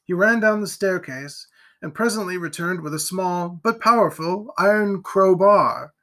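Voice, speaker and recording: A man reading a gothic novel aloud in steady, even storytelling narration. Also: high voice, unhurried. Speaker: audiobook reader.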